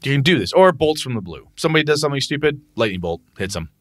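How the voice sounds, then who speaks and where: A man's voice: medium pitch, racing, no room sound, studio quality. A man co-hosting a casual tabletop gaming podcast, swearing freely and acting out what he says to his players. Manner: animated, profane, acts out what he says to players. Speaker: podcast co-host and game master.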